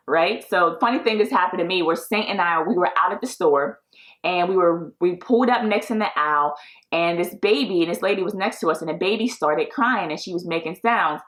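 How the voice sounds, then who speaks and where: A woman's voice: lowish voice, moderate pace, a bit bright. A woman in her thirties hosting a podcast, talking casually in an upbeat, encouraging way and laughing often. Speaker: podcast host. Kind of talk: casual solo podcast talk.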